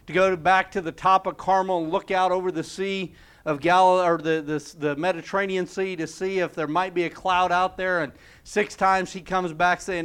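A man delivering a sermon with a smooth, resonant voice pitched a little above the usual. He tells a scripture story in the manner of a preacher, pushing some lines out with emphasis and dropping others to a hush. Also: level tone, moderate pace.

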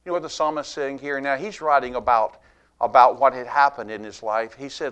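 A middle-aged man from Alabama, preaching a sermon in a folksy, animated way that swings between loud and hushed. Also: medium pitch, brisk, smooth.

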